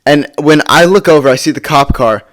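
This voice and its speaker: A man's voice: a little high, a little fast. A man telling a story in a casual vlog, rambling, stumbling over his words and swearing casually. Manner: rambling, with frequent stammered restarts and casual swearing. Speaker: storytime vlogger.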